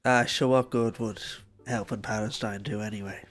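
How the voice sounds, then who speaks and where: A man's voice: on the low side, steady tone, moderate pace, a bit bright, faint music behind. A man co-hosting a podcast, talking in an earnest, conversational way. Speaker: podcast co-host. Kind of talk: casual podcast chat.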